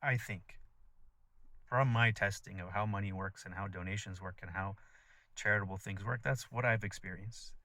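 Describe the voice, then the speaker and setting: A man's voice: fairly low pitch, fairly even intonation, normal speed, pushed and bright, dry recording. A man talking in a casual, rambling monologue, blunt and profane, full of fillers. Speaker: vlogger.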